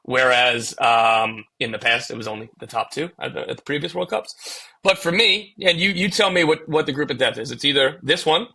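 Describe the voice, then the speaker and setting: A man's voice: mid-range voice, expressive, a little fast, creaky, pushed and bright, husky. A young man hosting a casual podcast, restarting his sentences and leaning on fillers as he asks questions. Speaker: podcast host.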